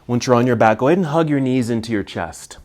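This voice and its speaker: Man calmly cueing a yoga class. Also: mid-range voice, quick pace, a little hiss or hum. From United States. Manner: calm cueing of poses and breaths. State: slightly out of breath. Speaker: yoga teacher. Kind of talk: guided yoga class instruction.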